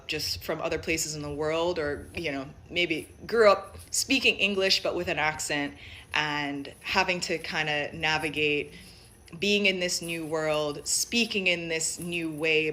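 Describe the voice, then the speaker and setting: A young woman speaks with a light Jamaican lilt softened by years in America. Her voice sits a little low. She talks reflectively, circling her thoughts with fillers and false starts. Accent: light Jamaican mixed with American. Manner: thoughtful, many fillers and restarts. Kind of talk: personal reflective monologue.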